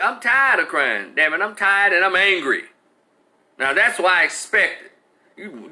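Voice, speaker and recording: Man, heated rant, piercing bright tone, slightly high voice, profane and blunt. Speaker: commentator.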